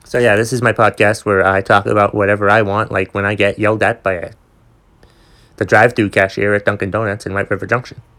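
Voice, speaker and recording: A man's voice: fairly low pitch, level tone, a little fast, a bit bright. A young man hosting his own podcast, telling a rambling, exasperated story full of swearing and restarts. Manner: exasperated, profane ranting storyteller. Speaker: podcast host. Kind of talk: solo podcast rant.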